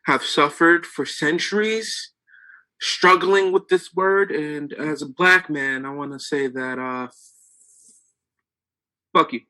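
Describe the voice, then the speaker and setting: A man's voice: a little high, slow pace, pauses often, bright, forceful tone, low-quality recording. A young man co-hosting a casual podcast, laid-back and sarcastic, calling people bro. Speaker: podcast co-host.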